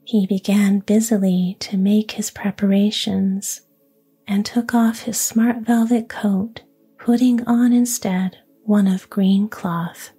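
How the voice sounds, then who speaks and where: A woman reads a fairy tale entirely in a whisper. Her voice is breathy, mellow and very unhurried, with soft music underneath. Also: mid-range voice, steady tone. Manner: whispers throughout. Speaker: storyteller.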